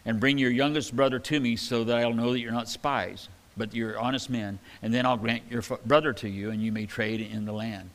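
A man preaching a sermon in a relaxed, conversational way, reading scripture aloud and adding casual asides. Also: mid-range voice, brisk, hardly any pauses. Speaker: pastor. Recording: hall reverb.

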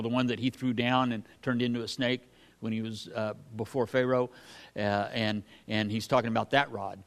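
Folksy, halting man preaching. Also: medium pitch. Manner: folksy, halting, with frequent fillers and restarts; reads scripture aloud then comments on it. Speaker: pastor. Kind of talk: conversational Bible teaching.

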